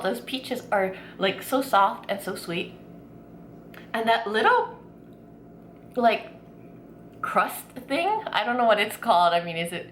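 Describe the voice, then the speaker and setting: A woman food vlogger chatting excitedly while tasting desserts, gushing with lots of fillers. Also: a little high, echoey room, a little hiss or hum. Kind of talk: casual food tasting vlog.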